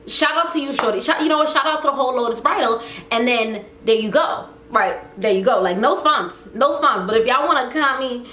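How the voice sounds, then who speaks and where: A young woman vlogger telling a casual storytime, animated and slangy, acting out what people said. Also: on the high side, fairly quick, hardly any pauses, background noise. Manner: animated, slangy, acts out quotes. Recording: echoey room with faint ambience.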